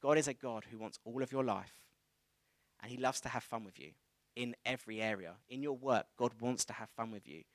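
An English preacher delivers a sermon, weaving in a personal anecdote with lively, conversational storytelling and animated retelling of dialogue. His voice is ordinary middle pitch, a little fast, and the sound is close and dry with no room echo.

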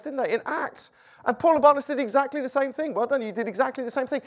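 A man preaching a sermon, moving between loud exclamations and hushed, quiet lines. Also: very high voice, fast talker, gravelly.

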